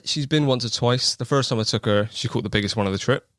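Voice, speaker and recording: A young man guesting on a podcast speaks in a mid-range, slightly bright voice with a West Country English accent. He's quick-talking, jokey and self-mocking, laughing at his own expense throughout the casual interview chat. The audio is studio quality with no room sound.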